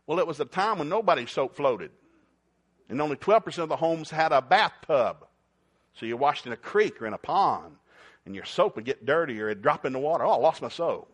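A male preacher, telling stories in a sermon and acting out quotes and sound effects. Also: on the high side. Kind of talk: storytelling sermon.

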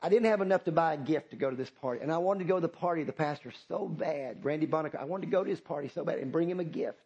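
A man's voice: on the high side, racing, a little mellow, husky, lo-fi sound. A middle-aged man, preaching a sermon as pastor, impassioned and repetitive, calling out to the congregation.

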